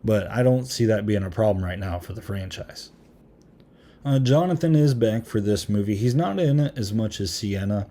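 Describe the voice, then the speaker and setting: A man with a lowish, mellow voice talks through a movie review in an easygoing podcast chat. He rambles, leans on plenty of "um"s and "you know"s, and chuckles now and then as he goes. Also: expressive, normal speed. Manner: rambling, many filler ums. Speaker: podcast host.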